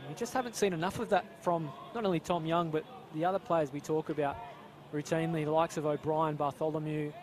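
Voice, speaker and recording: A man's voice: on the high side, steady tone, brisk, a little mellow. A man with an Australian accent giving chatty live football analysis, with some hesitant restarts. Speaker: expert commentator. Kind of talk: live sports commentary.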